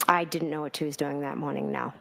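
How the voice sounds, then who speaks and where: A woman's voice: low voice, steady tone, fast talker, gravelly, fairly bright tone, slight background noise, poor audio. A woman giving courtroom testimony as a witness, hesitant, with many fillers and restarts. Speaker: trial witness.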